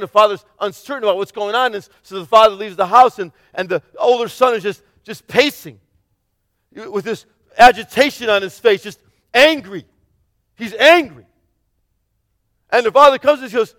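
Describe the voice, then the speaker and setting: High-voiced preacher swinging loud to soft. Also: male voice, animated, moderate pace, no echo, studio quality. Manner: dramatic, swings from loud shouts to near-whispers; acts out the parable's characters in his own voice. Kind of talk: sermon.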